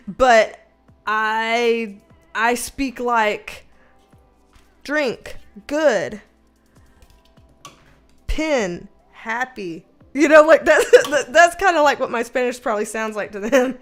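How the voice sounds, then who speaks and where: A young adult woman from the United States hosting a casual live chat, a bit tipsy, giggly and rambling, swearing casually as she reads out the chat. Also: a little high. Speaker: livestream host reading chat.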